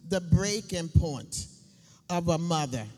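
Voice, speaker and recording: A middle-aged woman giving a personal testimony in church, telling her story slowly and emphatically, laughing between lines. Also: on the low side, lively intonation, a little mellow, faint music behind. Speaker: church speaker. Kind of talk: sermon testimony. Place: church building. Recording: long hall reverb.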